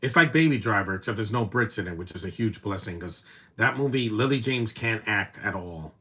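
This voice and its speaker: A man's voice: fairly low pitch, expressive, brisk, sharp tone. A man in his thirties giving casual, opinionated live commentary while watching a movie, rambling with restarts and fillers.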